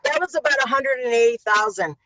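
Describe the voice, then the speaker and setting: A woman guest on an interview, telling stories in a casual, animated way and acting out quotes with lots of swearing. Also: on the high side, fast, background noise. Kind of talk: casual storytelling. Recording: dull lo-fi sound.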